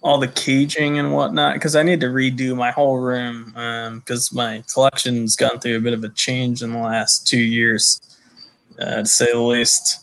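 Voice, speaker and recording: A man's voice: medium pitch, little pitch movement, moderate pace, creaky, fairly bright tone. A man talking as a podcast guest, in a mid-range voice. He rambles, pads his sentences with fillers, and drifts from one thought to the next. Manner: rambling, filled with "you know" and "uh". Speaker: podcast guest, snake keeper. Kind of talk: casual chat.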